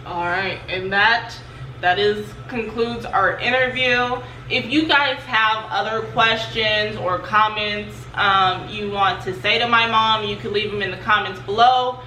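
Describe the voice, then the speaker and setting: A young woman with a bright, sharp tone who hosts her channel in loose, chatty talk full of fillers. Her voice sits back from the mic in a roomy space with faint noise behind it. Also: mid-range voice, measured pace, distant mic. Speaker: channel host. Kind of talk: casual vlog chat.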